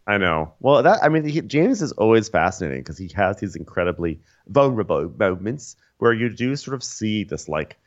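A man's voice: on the low side, big pitch swings, moderate pace, hardly any pauses, highs cut off. A man co-hosting a podcast, telling a reality show story in a wry, rambling way with many fillers. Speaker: podcast co-host. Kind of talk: casual recap chat.

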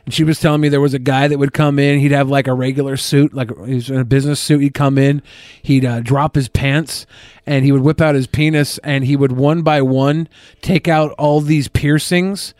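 A man's voice: medium pitch, fairly even intonation, moderate pace, darkish tone, no echo. A man co-hosting a podcast in casual chat, telling stories and dropping dry, joking asides. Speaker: podcast co-host.

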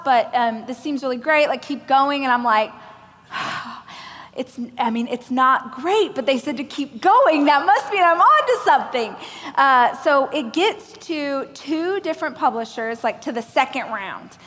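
A woman from Oklahoma giving a keynote on stage, telling a self-mocking story in an animated way and acting out the voices of other people. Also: a little high. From Oklahoma, United States. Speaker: motivational speaker giving a keynote. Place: large hall at a live event. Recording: live hall with long reverb, faint noise.

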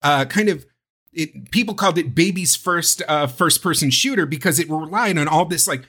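A male podcast host in casual, rambling chat, animated and loose, with the odd swear. His voice sits a bit high for a man. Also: moderate pace, slightly rough.

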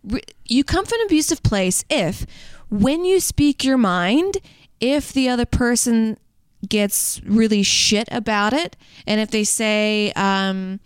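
A woman co-hosts a casual podcast chat and tells candid stories. Her voice is smooth and clear, on the higher side, and it is recorded close and dry. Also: slow pace, dry recording. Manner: candid, storytelling, frank. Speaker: podcast co-host; comedian.

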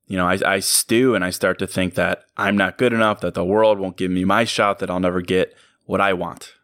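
A man's voice: low voice, fairly even intonation, fairly quick, fairly bright tone, smooth, dry recording, studio quality. A man hosting a podcast, giving an earnest, reflective motivational monologue and chuckling at himself now and then. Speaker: podcast host.

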